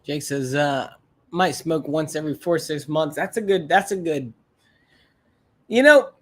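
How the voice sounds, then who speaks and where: A man with a slightly higher voice talks loosely to viewers on a livestream. He rambles, repeats himself and swears freely, in a blunt, offhand way. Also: measured pace, fairly bright tone. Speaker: livestream host. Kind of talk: casual chat to live viewers.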